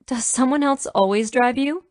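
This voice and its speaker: A woman's voice: high voice, normal speed, a little mellow, no room sound, studio quality, natural voice. Woman reading a guarded independent young woman.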